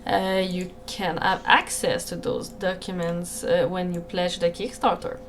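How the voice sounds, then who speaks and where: A woman with a French Canadian accent, a streamer and game creator, chats casually on a livestream alone in a room at home. She's apologetic and hesitant, often restarting sentences, in a fairly low, level voice at a slightly slow pace. There's slight background noise.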